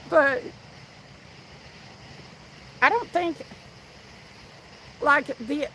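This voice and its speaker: On a rough recording with a bit of hiss or hum, this Southern woman hosts an easygoing fishing livestream outside. Her high voice swings widely in pitch, stretching out words with a sharp edge. She chats with her audience, reads their comments, and tells stories.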